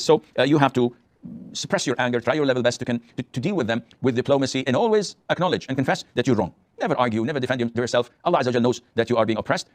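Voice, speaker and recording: A man's voice: mid-range voice, sharp tone. A man preaching a sermon, giving earnest advice mixed with wry jokes. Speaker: Islamic preacher. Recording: echoey hall.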